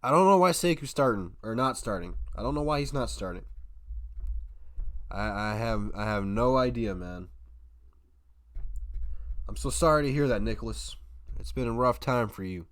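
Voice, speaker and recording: A man's voice: medium pitch, animated, moderate pace, pauses often, no room sound. A man hosting a live basketball watch-party stream, chatting casually with his viewers, often restarting his sentences. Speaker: sports live stream host. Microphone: desk microphone.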